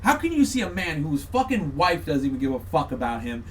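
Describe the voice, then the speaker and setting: A man's voice: a little high, expressive, fairly quick, few pauses, distant mic. A man hosting a podcast, launching into a heated, profane, mocking political rant. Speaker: podcast host.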